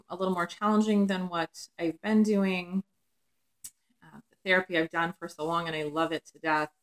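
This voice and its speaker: A middle-aged woman therapist speaking to camera in a casual, reflective way. Her voice sits a little low, and she pauses often to search for words with soft fillers.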